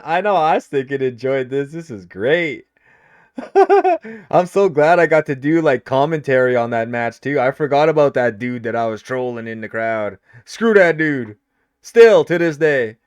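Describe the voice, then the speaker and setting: A man streaming live, excitedly commenting on old footage and laughing often. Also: a little high, slow, clear, resonant tone, dry recording. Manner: excitable, laughs a lot, loud.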